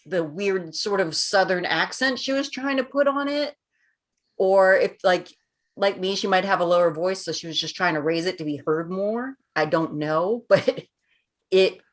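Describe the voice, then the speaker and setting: A woman in her forties hosts a casual podcast chat in a slightly low voice. She rambles along in a relaxed way and breaks into frequent laughs. She pitches her voice a bit above its natural level. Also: normal speed. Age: 40s. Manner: chatty, laughs often between thoughts; speaks a bit higher than her natural voice. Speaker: podcast host.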